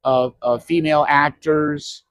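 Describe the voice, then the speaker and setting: A man around sixty telling stories from his acting past in an interview, animated and quick to act out what others said. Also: a little high, no echo. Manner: animated, acts out quoted voices, frequent restarts. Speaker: actor guest at a horror convention. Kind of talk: anecdotal interview storytelling. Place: convention interview.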